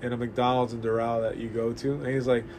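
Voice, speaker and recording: A man hosting a casual, profane chat and telling animated stories, slipping into voices of the clerks he imitates. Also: mid-range voice, a little fast, slight background noise. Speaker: podcast host. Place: shop.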